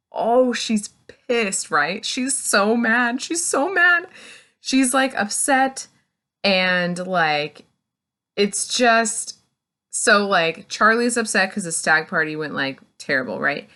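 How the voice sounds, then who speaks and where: A woman's voice: mid-range voice, lively intonation, slow, pushed and bright. A woman reviewing a book, recapping the plot in a gushing, casual way, full of "like". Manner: gushing, filler-heavy, full of "like".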